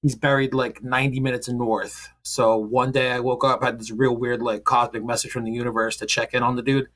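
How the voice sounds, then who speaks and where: A man hosting a podcast at an ordinary mid pitch. He chats casually, swearing freely and joking as he wanders through a long story. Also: little pitch movement, a little fast, a bit bright. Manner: profane, joking, rambling. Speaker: podcast host.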